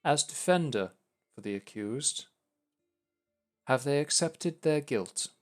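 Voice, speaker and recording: A man's voice: mid-range voice, animated, slow pace, soft background music, voice pushed up. A man voicing a regal female lizardfolk queen who speaks in a formal, proclaiming way. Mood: stern.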